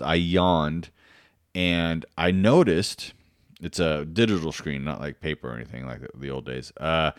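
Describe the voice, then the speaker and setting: A man's voice: sits low, clear, resonant tone, no echo, studio quality. A man casually telling a personal story, rambling and self-deprecating, with lots of fillers, restarts and swearing.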